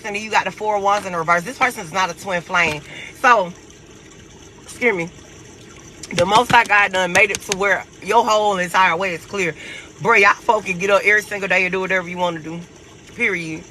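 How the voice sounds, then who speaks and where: Casual tarot vlogger, male, high bright voice, brash and profane, light hiss behind. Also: low-quality recording. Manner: profane, animated, laughs a lot. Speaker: tarot reader. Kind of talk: casual tarot reading for viewers.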